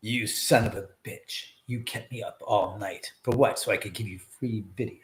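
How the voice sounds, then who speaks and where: A man's voice: on the low side, normal speed, bright, forceful tone. A man hosting a livestream from his home, wired on caffeine, rambling and swearing giddily. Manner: rambling, profane, giddy. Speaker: livestream host. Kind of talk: casual livestream chat. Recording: echoey room.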